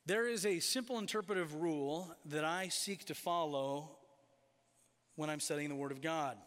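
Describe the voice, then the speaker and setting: A man delivers a sermon from the pulpit, leaning hard on key words and drawing them out. His voice sits high for a man. The sound rings with the long reverb of a big church hall. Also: fairly bright tone. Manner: emphatic preaching with slowed, stressed phrases. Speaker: pastor.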